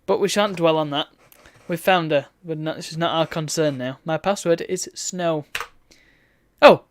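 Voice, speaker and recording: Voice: medium pitch, unhurried, dry recording. A streamer, chatting wryly and reading game text aloud while playing a retro game. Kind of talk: let's play commentary.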